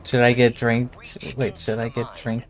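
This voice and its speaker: A man chatting with gaming friends, excitable and quick to apologize, often restarting his sentences. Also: medium pitch. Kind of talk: casual gaming chat.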